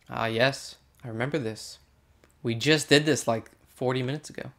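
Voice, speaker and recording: A man's voice: medium pitch, steady tone, normal speed, vocal fry, fairly bright tone. A man chatting casually while playing a video game with a friend, joking and teasing in a playful way. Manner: playful, jokey, mock-regal bits. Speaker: gamer. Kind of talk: casual gaming chat.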